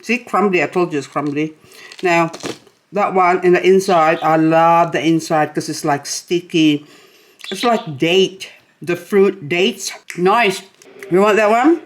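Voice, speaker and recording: A woman's voice: lowish voice, measured pace, a little hiss or hum. A woman vlogger at home, talking casually and rambling, often laughing as she chats. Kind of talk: casual chatty vlog. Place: at home indoors.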